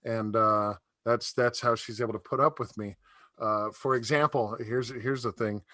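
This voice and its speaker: A man's voice: medium pitch, fairly even intonation, moderate pace, bright, forceful tone, no room sound. A middle-aged man doing a stand-up comedy set over a video call, telling rambling stories and laughing at his own jokes.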